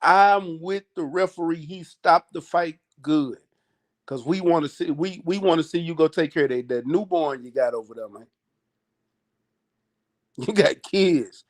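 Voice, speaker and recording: A man with a fairly high speaking voice argues about a fight in a loud, emphatic way. He talks slangy and casual and hammers his points home by repeating them. It sounds like a heated podcast chat. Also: a little slow. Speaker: boxing podcast co-host.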